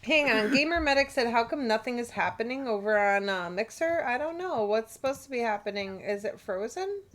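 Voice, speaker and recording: Woman, high pitch, gaming podcast host, teasing, laughing, casual chat. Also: expressive. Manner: laughing, teasing, quick to curse.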